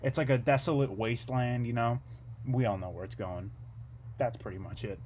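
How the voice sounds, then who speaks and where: A young man delivering a rambling, absurd comedic monologue in a low-key, deadpan way, drifting from one tangent to the next. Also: normal speed, a little hiss or hum.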